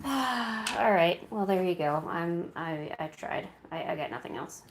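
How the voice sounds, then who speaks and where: A woman's voice: fairly low pitch, lively intonation, a little slow, slight background noise. A woman streamer chatting casually and coaxing her cats with playful, baby-talk asides. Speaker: art streamer.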